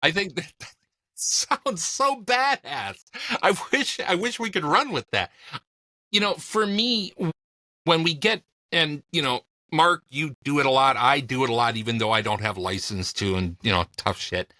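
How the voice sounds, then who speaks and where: Podcast guy, bright tense voice, jokey and rambling, dry sound. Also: mid-range voice, normal speed, dry recording. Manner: jokey, discursive. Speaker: podcast co-host. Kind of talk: casual chat.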